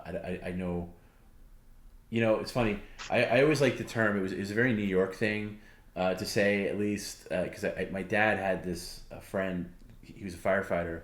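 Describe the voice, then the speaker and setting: A man's voice: low voice, echoey room, a little hiss or hum. A man co-hosting a casual livestream, reading viewer comments aloud in a loose, rambling way. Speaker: stream co-host.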